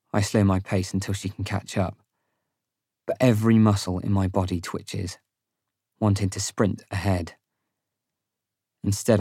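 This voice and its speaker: A man narrating a fantasy audiobook in the first person, with a measured, sombre reading on a close studio mic. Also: lowish voice, darkish tone, no room sound.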